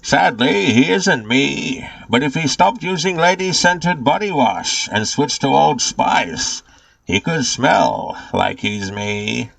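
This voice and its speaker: A man doing a masked villain's voice with a gravelly, slow, theatrical delivery, played as a clip on a stream. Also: mid-range voice, big pitch swings, a bit bright, no room sound, heavily acted. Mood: smug.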